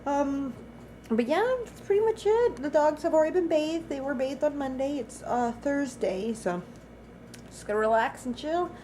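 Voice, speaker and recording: A woman's voice: high voice, expressive, moderate pace, warm tone, slight background noise. A young woman chatting through a casual daily vlog at home, rambling and talking to her dogs. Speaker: vlogger. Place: at home, indoors.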